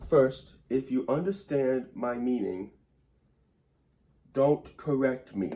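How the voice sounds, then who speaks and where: A man's voice: mid-range voice, takes it slowly, dark tone. A man giving a comedic grammar lesson at a whiteboard indoors, rambling and wry in a mock-serious way.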